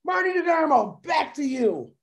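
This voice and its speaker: A man co-hosting a livestream, excitable and joking, calling out greetings to viewers. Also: very high voice, moderate pace, vocal fry. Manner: excitable, joking, shouts shout-outs to viewers. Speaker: co-host. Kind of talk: energetic livestream banter.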